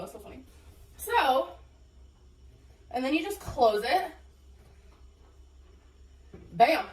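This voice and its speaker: A woman's voice: a little high, a little hiss or hum, low-quality recording. Congested, giggly woman vlogging. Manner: chatty, giggly, talks to viewers. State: congested from a cold. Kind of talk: casual cooking vlog chat. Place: home kitchen.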